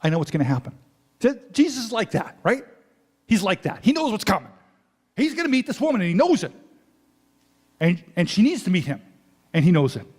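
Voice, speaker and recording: High-voiced pastor telling a story. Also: male voice, big pitch swings, husky. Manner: storytelling preacher, retells scenes in quick paraphrased dialogue. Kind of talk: sermon.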